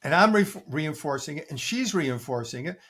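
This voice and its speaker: Older male coach, slightly high-pitched, lively anecdotal delivery. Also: moderate pace, husky. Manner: animated storytelling, acting out quoted clients. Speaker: coach and guest. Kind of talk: conversational interview answer.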